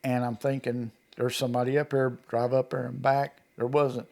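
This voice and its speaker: A middle-aged Kentucky man's voice is mid-range, creaky, a little mellow, and flat in delivery, moving at a moderate pace. As an eyewitness guest in an interview, he tells his story in folksy country fashion, acting out what people said.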